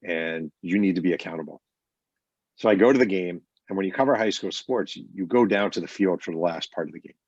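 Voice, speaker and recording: Deep-voiced man telling lively stories. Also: fast, hardly any pauses, husky, no room sound. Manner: animated anecdotes with acted quotes. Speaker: author guest. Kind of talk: casual storytelling interview. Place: video call from a bedroom. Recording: dull lo-fi call audio.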